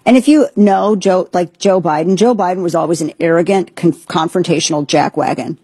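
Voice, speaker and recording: A woman's voice: fairly low pitch, fairly quick, mellow, breathy edge, dry recording. A woman hosting a political commentary show, talking in an indignant, sarcastic, emphatic way. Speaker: host.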